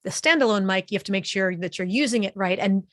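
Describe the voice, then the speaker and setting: A woman presents a webinar to her audience in a lively, conversational manner. Her voice sits in the middle of the range and comes through a close microphone in a dry, unreverberant space. She talks like a friendly teacher who acts things out. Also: mid-range voice, quick pace, no echo. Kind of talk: online presentation. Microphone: studio microphone up close.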